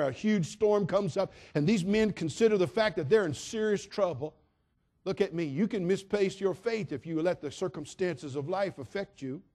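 A man with a high voice delivers a dramatic sermon. He drops to quiet asides, then rises to loud, shouted points. He calls out to the congregation and acts out the people he describes. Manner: acts out quoted voices, addresses listeners directly. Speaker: preacher.

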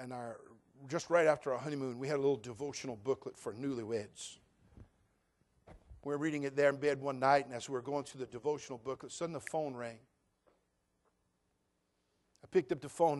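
A middle-aged male pastor preaching a sermon, who drops to a hushed storytelling voice and then climbs to loud, rising declarations while he quotes scripture in old-fashioned wording. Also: mid-range voice, steady tone, a little fast, long pauses.

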